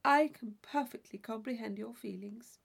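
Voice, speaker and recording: A woman's voice: a little high, normal speed, vocal fry, slightly rough. A woman reading as a gushing young woman. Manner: effusive, breathless exclamations.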